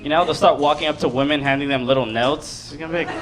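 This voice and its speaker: A man's voice: on the high side, fast, crowd noise. A young man performing a stand-up set in a comedy club, chatty and laughing at his own jokes while acting out voices.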